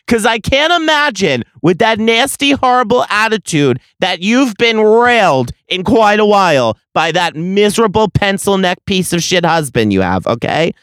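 A man's voice: sits high, very animated, normal speed, few pauses, a bit bright, clean tone, no echo, studio quality. A man in his late twenties hosting a solo podcast, telling a story in a profane, exasperated, sarcastic rant. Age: late 20s. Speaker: podcast host.

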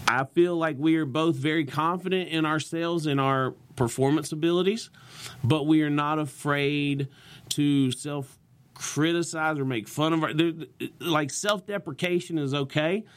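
A young man with a Southern US accent, a comedian chatting casually on a podcast with lots of vocal inflection. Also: a little high. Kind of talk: casual chat.

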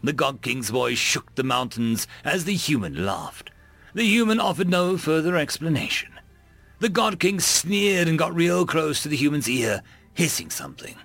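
Expressive man reading sci-fi stories. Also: a little high, moderate pace, gravelly, no echo, faint music behind. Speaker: story narrator.

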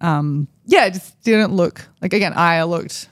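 A woman's voice: fairly low pitch, slow pace, no room sound, clean studio sound. A woman, a podcast guest, telling a personal story in a chatty, rambling way with lots of fillers. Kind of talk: casual storytelling.

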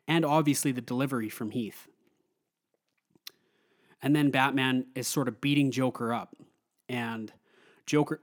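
A man giving a casual, excited film review, rambling with lots of fillers. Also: medium pitch.

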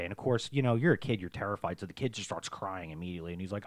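A man's voice: mid-range voice, quick pace, few pauses, dry recording. A man, a podcast co-host telling a long childhood story in a rambling, profane way. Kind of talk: casual storytelling chat.

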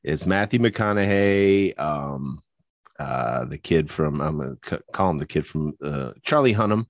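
A man co-hosting a casual movie podcast, animated, laughing often and restarting his sentences. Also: extremely low pitch, a little slow, no echo. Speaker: podcast co-host. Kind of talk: casual chat about movies.

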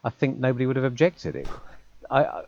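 A man's voice: mid-range voice, very animated, a little fast, darkish tone, dull audio. A man co-hosting a casual chat, musing aloud and stopping to correct himself. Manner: musing, self-interrupting, laughs often. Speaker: podcast co-host.

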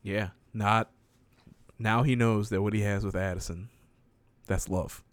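A man's voice: lowish voice, steady tone, unhurried, smooth, no echo. A man co-hosting a casual chat, chiming in with short replies and laughing often. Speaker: podcast co-host.

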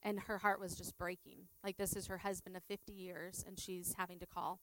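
A woman teacher telling a personal story to an audience, halting and repeating herself, with many fillers, her voice dropping low and hushed at the saddest parts. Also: flat delivery, dry recording, poor audio. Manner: drops to a hushed voice at sad moments.

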